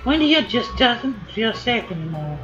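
A fretful, gossipy townsperson grumbling about the crowds, as a man puts on a raised voice. The voice comes out high and worried over faint game music. The recording sounds dull and lo-fi. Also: big pitch swings, measured pace, fairly bright tone, full character voice. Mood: complaining.

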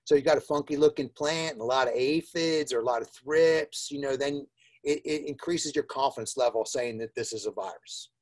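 A man's voice: mid-range voice, a little fast, a little mellow. A man giving an informal webinar lecture on plant problems, chatty, with many fillers, repeated words and laughing asides. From New Jersey. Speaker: plant diagnostics lab director giving a webinar.

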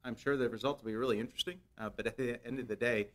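A man's voice: medium pitch, steady tone, very fast. A man speaking as a company executive to the board, earnest, with repeated words and hesitant fillers. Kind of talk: formal business remarks.

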